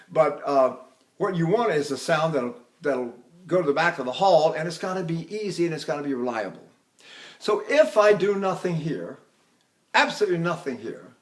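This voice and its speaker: An older man giving a voice lecture, animated and breaking into sung demonstrations. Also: a little high. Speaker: voice teacher.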